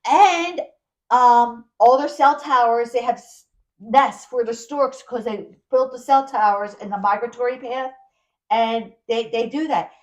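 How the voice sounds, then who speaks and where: A woman co-hosting a podcast, telling a travel story in casual chat, animated and full of restarts. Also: on the high side, unhurried, low-quality recording. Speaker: podcast co-host.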